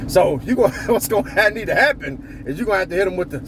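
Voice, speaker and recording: A man's voice: high-pitched, expressive, fast talker, few pauses, background noise. A man vlogging in a casual, profane monologue with a blunt, joking manner. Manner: joking, blunt, swears a lot, slips into impressions. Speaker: vlogger giving workplace advice.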